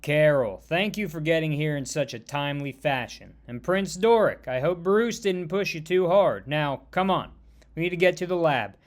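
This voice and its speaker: A man voicing a commanding male spy director with deadpan, matter-of-fact orders. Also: fairly high pitch, normal speed, close to an everyday voice. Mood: brisk.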